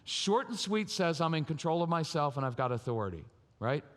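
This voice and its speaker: A high-pitched man gives an animated conference talk on parenting. His voice rings through a large hall with a long echo. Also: a little fast. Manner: animated, acts out yelling and sweet parent voices. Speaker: parenting speaker. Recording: reverberant hall.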